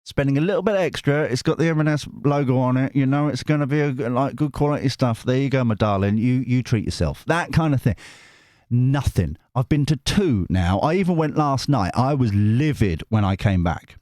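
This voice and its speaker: A man's voice: mid-range voice, animated, normal speed, darkish tone, no echo, studio quality. A British man hosting his tarot channel, chatting casually to viewers in a jokey, rambling way that keeps breaking off and restarting. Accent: British English. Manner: chatty, jokey, self-interrupting and digressive. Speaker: tarot reader and channel host.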